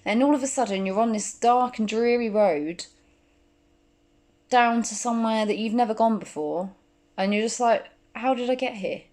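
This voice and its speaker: A woman in her twenties talking casually to camera as a vlogger, full of fillers and quick asides. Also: on the high side, darkish tone. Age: 20s. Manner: chatty, many fillers like "like". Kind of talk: casual chat.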